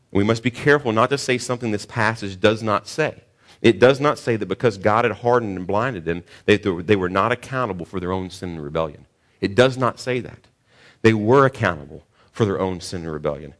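A male pastor with a fairly low voice preaches earnestly on a passage of scripture. He often stumbles and repeats words before building to emphatic questions.

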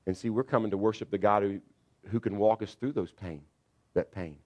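A middle-aged man preaching a sermon, telling a personal story that swings from loud re-enacted shouting to quiet, confessional reflection. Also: fairly low pitch, brisk, muffled recording. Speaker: pastor.

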